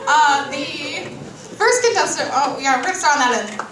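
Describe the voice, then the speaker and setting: A woman with a high voice hosts a playful audience game, chatty and quick to laugh. She sounds far from the mic in an echoey hall. A crowd chatters behind her. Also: lively intonation. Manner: chatty, laughing, loose directions. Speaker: panel host. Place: large convention hall.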